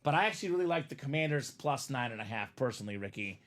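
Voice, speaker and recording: A man's voice: mid-range voice, expressive, fast, fairly bright tone. A man hosting a live stream, chatting casually and reading viewer comments aloud.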